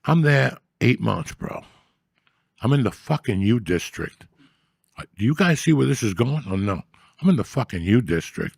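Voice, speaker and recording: A comedian guest telling a rambling, profane story in a streetwise, casual way. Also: male voice, mid-range voice, big pitch swings, normal speed, gravelly, breathy edge, dry recording, studio quality. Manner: rambling, streetwise, swears often.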